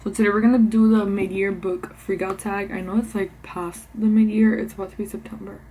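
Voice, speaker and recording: A young woman talks books in a bubbly, chatty way, a bit out of breath and full of fillers. Her voice sits at a middle pitch. Faint ambient noise hums behind her. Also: level tone, fairly quick, warm tone, low-quality recording. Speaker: book vlogger. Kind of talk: casual chat. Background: faint ambient noise, passing car.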